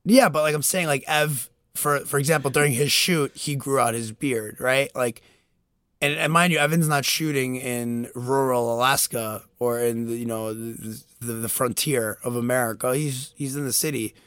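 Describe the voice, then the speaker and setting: A young man co-hosting a podcast tells a story animatedly in casual chat, full of fillers and laughter. His mid-range voice is steady, moderately paced, fairly bright, clear and resonant, recorded in a clean studio with no echo.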